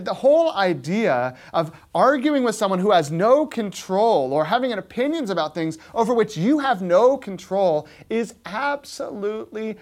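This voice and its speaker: A pastor giving a conversational sermon, often checking in with his listeners and dropping quiet and slow on key points. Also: high-pitched. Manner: keeps asking "right?" to the listeners; drops soft and slow on key points, rises sharply when stirred.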